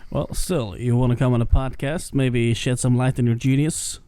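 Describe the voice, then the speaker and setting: A man's voice: medium pitch, steady tone, normal speed, warm tone, slight background noise. A man co-hosting a casual podcast, tossing in dry, teasing jokes. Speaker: podcast co-host. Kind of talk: casual comic-reading podcast.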